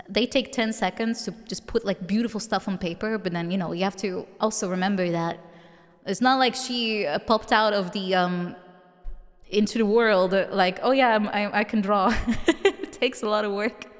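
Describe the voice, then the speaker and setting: A woman's voice: mid-range voice, moderate pace, big-room sound. A woman streamer with a mature-sounding voice, chatting casually with viewers and giggling often.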